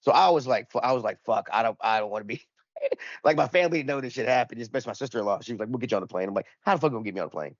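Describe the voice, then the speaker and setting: In a casual storytelling chat, a podcast co-host with a mid-range voice speaks very fast, cursing, stumbling into restarts, and playing out both sides of an argument. The audio is dull, lo-fi, dry, and echo-free.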